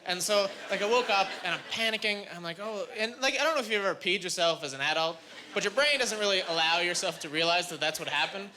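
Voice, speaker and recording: A young man performing a stand-up set, telling a story with animated, high-jumping quoted voices. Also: fast. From Canada. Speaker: stand-up comedian. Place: comedy club stage. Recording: live club recording, audible room noise.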